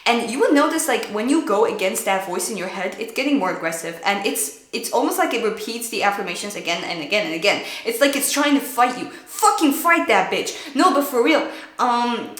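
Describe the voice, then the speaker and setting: A woman streamer giving blunt, profane advice in a casual storytime, often mock-yelling at the voice in her head. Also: a little high, fairly quick. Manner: blunt, profane, animated, mock-yells at her own thoughts. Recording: echoey room.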